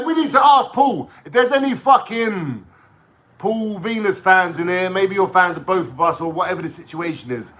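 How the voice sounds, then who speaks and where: A man ranting casually on a livestream, swearing and talking in an excitable way. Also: a little high. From London.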